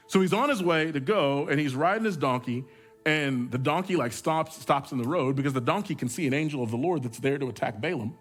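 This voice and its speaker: Man, pastor, sermon, fairly high voice, chatty storytelling, faint music under. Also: fairly quick, a bit bright. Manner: conversational, humorous storytelling with repeated restarts.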